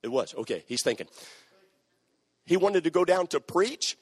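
A man's voice: fairly high pitch, big pitch swings, normal speed, slightly rough, in a large hall. A man preaching a sermon, emphatic and repeating his key phrases.

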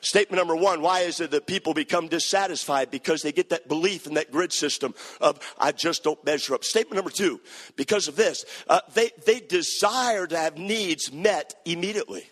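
A man preaching a sermon as pastor, swinging from quiet asides to sung, shouted cadences. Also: on the high side, fairly quick. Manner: preaching with rising shouts and sing-song cadence. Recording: long hall reverb.

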